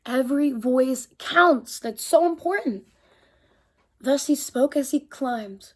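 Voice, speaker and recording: A woman reading a picture book aloud to children, animated and expressive, pausing to talk with her young listeners. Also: high-pitched. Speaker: storyteller.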